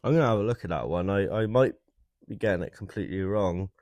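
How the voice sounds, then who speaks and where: A man hosting a livestream, chatting casually with viewers in a hesitant, soft-spoken way and often repeating his words. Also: on the low side, quick pace, dry recording. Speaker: livestream host. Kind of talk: casual chat with live viewers.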